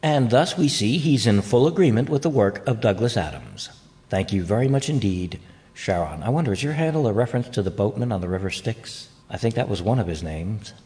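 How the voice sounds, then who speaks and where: A man's voice: on the low side, lively intonation, brisk, dark tone. Congested man hosting a podcast. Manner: jokey, rambling asides. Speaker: podcast host. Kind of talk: casual chat.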